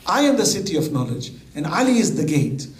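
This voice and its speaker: A man's voice: high-pitched, very animated, brisk. A man preaching a sermon, mixing Arabic quotations into his English. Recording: echoey hall.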